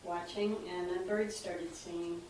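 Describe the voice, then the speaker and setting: A woman sharing a personal story with a seminar group, hesitant and reflective, often pausing on filler sounds. Her voice is low and flat in pitch. She sounds far from the mic in a very echoey room. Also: slight background noise. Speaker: seminar participant.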